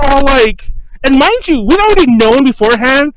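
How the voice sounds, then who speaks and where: A man's voice: extremely high pitch, animated, normal speed, heavy background noise. A man co-hosting a podcast over a call, telling a rambling story in casual chat with restarts and fillers. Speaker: podcast co-host.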